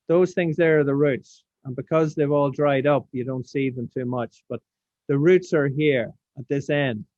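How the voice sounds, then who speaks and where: A man's voice: mid-range voice, steady tone, moderate pace, a little mellow, no room sound. A man teaching a science practical over a video call, casual, asking the class questions as he demonstrates. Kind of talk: online science lesson. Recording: dull lo-fi sound, dry.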